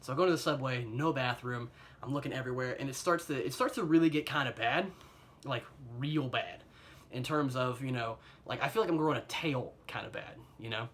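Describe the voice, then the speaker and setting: A man's voice: medium pitch, brisk, a bit bright. A young American man telling an embarrassing personal story in a casual, rambling way, self-mocking and filled with fillers and chuckles, recorded on a phone camera. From United States.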